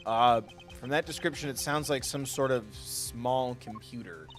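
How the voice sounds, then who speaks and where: A man voicing a stern, composed male prosecutor in a dry, measured, formal way while reading game dialogue aloud. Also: medium pitch, fairly bright tone, soft background music, voice pushed down, natural voice. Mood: cool.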